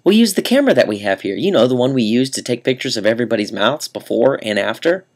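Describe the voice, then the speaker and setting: A man's voice: mid-range voice, animated, fast talker. A man voicing a perky female orthodontist nurse in a chirpy, sing-song way.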